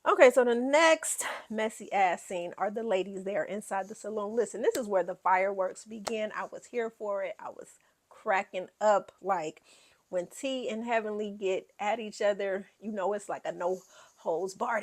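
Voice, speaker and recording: A woman hosting a casual reality TV recap, sassy and animated, laughing often as she dishes gossip. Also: medium pitch, moderate pace.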